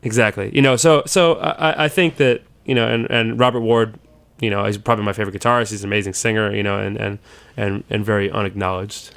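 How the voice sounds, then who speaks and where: A man's voice: fairly low pitch, fairly even intonation, fast, vocal fry, clear, resonant tone. A man, a guest soul musician, chatting casually in an interview, rambling and restarting his sentences. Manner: rambling, restarts and repeats words. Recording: loud guitar music under the voice. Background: loud guitar music.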